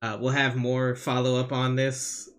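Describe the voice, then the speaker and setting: A man's voice: medium pitch, monotone, unhurried. A man co-hosting a podcast, chatting casually about wrestling in a rambling, hesitant way with lots of fillers. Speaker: podcast co-host. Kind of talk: casual wrestling recap chat.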